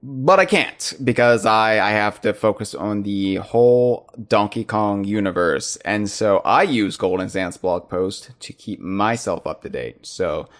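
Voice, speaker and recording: A man with a lowish voice hosts a casual podcast. He jokes and riffs in fast, animated bursts, teasing his guest. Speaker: podcast host.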